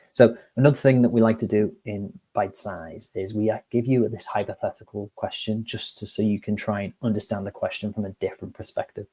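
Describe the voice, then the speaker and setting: A man who tutors an HR course talks to viewers in a chatty, direct way and reads them a storybook tale, making for a casual lesson mixed with storytelling. His voice is lowish and mellow with a breathy edge.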